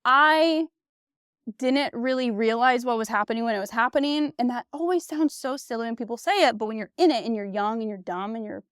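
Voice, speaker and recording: A woman's voice: fairly high pitch, a little fast, clear, resonant tone, no echo. A woman in her thirties hosting her own podcast, talking in a candid, blunt way, swearing freely and filling her talk with "like" and "you know", recorded on a close mic. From United States. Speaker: podcast host. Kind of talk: casual solo podcast monologue.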